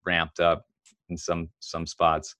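A man talking casually about a movie in a measured, thoughtful way, pausing with fillers as he searches for words. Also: low voice, completely flat delivery, pushed and bright, no room sound. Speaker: co-host discussing a film. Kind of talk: casual film discussion.

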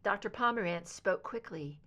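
Brief: woman audiobook reader, mid-pitched, steady fan fiction narration. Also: normal speed.

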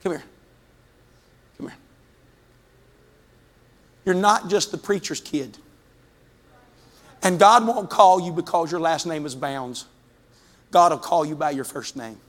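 A man preaching a fervent Pentecostal sermon in a church, calling out to the congregation and rising to shouts. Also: fairly high pitch. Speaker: pastor. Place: church sanctuary.

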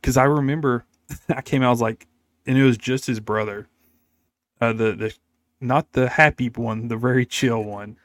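A man's voice: medium pitch, steady tone, normal speed, no echo. Young guy cohost telling a funny work story, laughs a lot, dry close sound. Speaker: podcast co-host. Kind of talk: casual chat.

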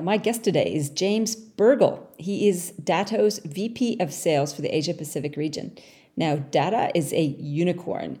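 A woman from Canada hosting a podcast interview over a call, chatty and quick to laugh. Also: low-pitched, warm tone. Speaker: podcast host. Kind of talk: casual interview chat. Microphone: remote call.

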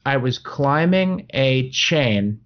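A man's voice: medium pitch, animated, slow. Rambling man in lo-fi chat. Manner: rambling, repeats words, laughs often. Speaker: podcast co-host. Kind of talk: casual chat about tabletop games.

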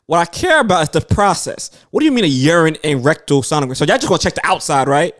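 A man in his thirties, pitched a little high, spins a story in loose conversation. He acts out everyone's lines in lively bursts and curses freely. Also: fast talker. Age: 30s. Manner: animated, acts out other people's lines, swears freely. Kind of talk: casual storytelling chat.

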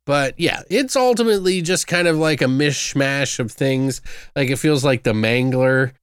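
A man's voice: medium pitch, moderate pace, clean tone, dry recording, clean studio sound. A young man co-hosting a casual movie review podcast, rambling and loose, swearing freely, with lots of fillers.

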